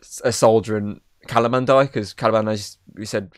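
A young podcast co-host rambles casually through a film recap, swearing freely and saying "obviously" in nearly every sentence. His voice is lowish and steady, a little fast, on a dry, clean studio recording.

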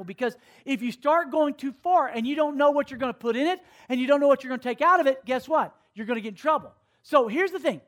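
A man in his fifties with a notably high voice delivers a sermon-style lesson to a room of young people. He talks in an animated, conversational way and keeps checking in with his listeners. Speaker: camp speaker teaching students. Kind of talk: sermon-style teaching to a youth audience.

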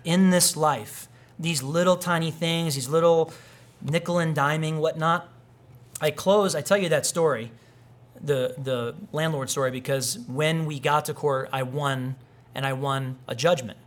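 A man's voice: a little high, unhurried. A male pastor giving a conversational sermon, telling personal stories and acting out quoted people. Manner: conversational, animated, acts out quoted voices.

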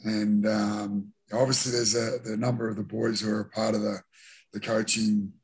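A middle-aged Australian man answers questions in a casual interview, with a low voice. He talks flatly and evenly, and he keeps pausing with fillers and restarting sentences. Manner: relaxed, many fillers and restarts. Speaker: guest, former rugby league captain.

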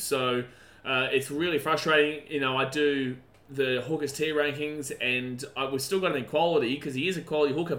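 A man with a bright, forceful tone talks through his opinions in casual podcast chat. He is animated and laughs easily, often starting a sentence over before finishing it. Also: fairly high pitch, roomy sound. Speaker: podcast co-host.

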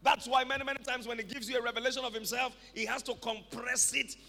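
Fervent high-voiced preacher, big hall. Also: male voice, fairly even intonation, fast talker, vocal fry, sharp tone. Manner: fervent preaching with call-and-response to the congregation. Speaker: pastor. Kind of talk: sermon. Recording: echoey hall with long reverb.

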